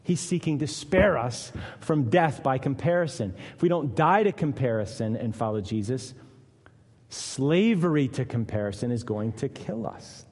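Guy preaching in a church, long echo trailing off, mid pitch, drops real low and soft then jumps up. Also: expressive, moderate pace. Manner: earnest, dips low and quiet for weight, lifts up to voice Jesus and Peter. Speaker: pastor. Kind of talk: sermon. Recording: long reverb of a church hall.

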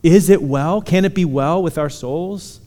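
A man's voice: fairly high pitch, measured pace, dark tone. A man preaching a sermon, earnestly reassuring his listeners and reading scripture aloud. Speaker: pastor. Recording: hall reverb.

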